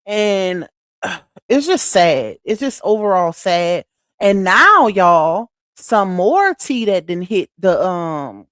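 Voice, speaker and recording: A woman's voice: on the low side, fairly bright tone, dry recording, clean studio sound. Chatty woman hosting a livestream. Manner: chatty, slangy, speaks straight to the chat. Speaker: livestream commentary host. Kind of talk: casual livestream commentary.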